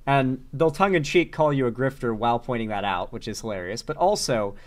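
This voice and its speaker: A man's voice: mid-range voice, expressive, fairly quick. Earnest, rambling male video commentator. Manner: earnest, rambling, many fillers. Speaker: online political commentator.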